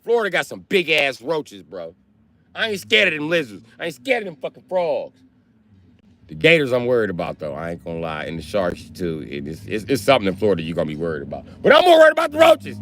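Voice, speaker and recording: A man livestreaming from his truck, telling a profane, animated story and jumping into high voices to quote people. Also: fast. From Illinois. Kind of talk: casual storytelling rant.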